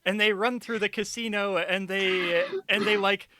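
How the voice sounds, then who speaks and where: A man's voice: sits high, moderate pace, dry recording, studio quality. A young man on a stream, ranting about a film in casual chat, sarcastic and swearing often. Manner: animated, sarcastic, swears a lot. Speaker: streamer, co-host.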